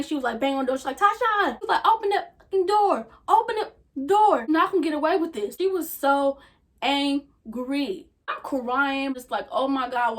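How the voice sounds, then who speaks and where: A woman's voice: on the high side, fairly bright tone. A young woman vlogger telling a personal story in a casual, chatty way, often saying "like" and talking straight to her viewers. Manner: chatty, peppers speech with "like", talks straight to viewers.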